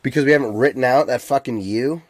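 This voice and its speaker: A man's voice: medium pitch, fast, no echo, studio quality. An American man co-hosting a podcast, chatting casually and rambling with lots of ums. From United States. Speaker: podcast co-host. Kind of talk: casual chat.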